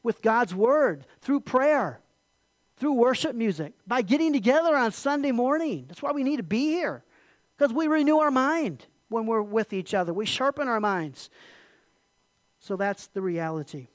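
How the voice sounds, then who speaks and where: A pastor preaching in an easy, conversational way, often asking rhetorical questions. The voice sits at a middle pitch and sinks low and soft on key points. The sound is dry with little room around it. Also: animated, moderate pace, no room sound. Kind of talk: sermon.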